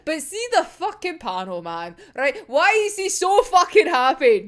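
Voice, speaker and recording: A young woman, hosting a casual manga reaction vlog, excitable and swearing a lot. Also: high-pitched, takes it slowly, pauses often.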